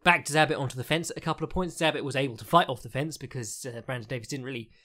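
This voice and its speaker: A man talking through a fight recap on his podcast, loose and rambling. He fills his thoughts with ums and uhs, swears now and then and laughs at his own remarks. His pitch sits in an ordinary middle range. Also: rapid-fire, bright, forceful tone. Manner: rambling, frank, swears, frequent fillers and laughs. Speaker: podcast host, fight analyst. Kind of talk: casual solo commentary recap.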